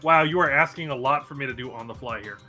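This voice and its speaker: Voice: medium pitch, fast talker, bright, forceful tone, soft background music. A tabletop game player in casual chat who answers in short, dry, wry remarks.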